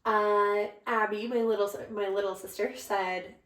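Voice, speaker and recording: A young adult woman co-hosting a podcast, telling a story in a casual, animated way and jumping up high when she quotes herself. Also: normal speed. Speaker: podcast co-host, bride. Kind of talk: casual chat. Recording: echoey room.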